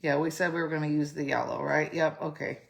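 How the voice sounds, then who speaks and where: A middle-aged craft demonstrator speaks fast in a low voice with vocal fry and fairly even intonation. She chats through a casual step-by-step tutorial, thinking aloud and correcting herself, her throat a little phlegmy.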